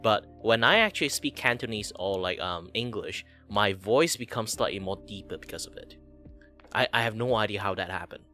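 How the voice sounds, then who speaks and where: A man's voice: fairly low pitch, expressive, moderate pace, pushed and bright, faint music behind. A man hosting a casual streamed chat, rambling with many fillers and restarts. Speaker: podcast host.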